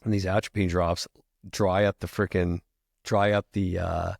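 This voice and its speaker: A middle-aged retired firefighter telling a long story as a podcast guest, casual and profane, peppering every sentence with "freaking". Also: male voice, deep voice, little pitch movement, a little slow, vocal fry, no room sound, studio quality.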